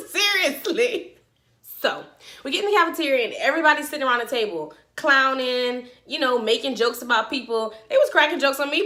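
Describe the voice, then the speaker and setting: A young woman talks straight to her viewers in a casual storytime vlog. Her voice sits a little high and sounds bright and forward. She speaks in an animated, slangy way. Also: moderate pace. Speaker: vlogger.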